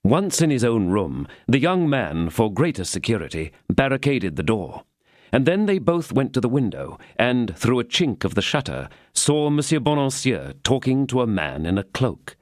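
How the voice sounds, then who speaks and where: A man narrating a classic novel as an audiobook, reading the prose in a measured, expressive way. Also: medium pitch, dry recording, clean studio sound. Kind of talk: scripted narration.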